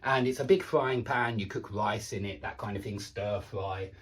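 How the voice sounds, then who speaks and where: A British man teaching English pronunciation, explaining at a steady working pace and thinking aloud with frequent ums and uhs. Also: lowish voice, moderate pace, distant mic. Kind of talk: pronunciation lesson.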